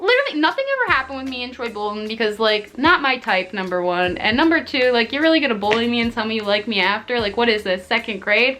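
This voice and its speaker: A young woman with a high, bright voice tells a story in a casual vlog. She is chatty and animated, says "like" constantly, and swears with exaggerated indignation. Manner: chatty, animated, frequent "like" and laughs. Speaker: streamer and YouTuber.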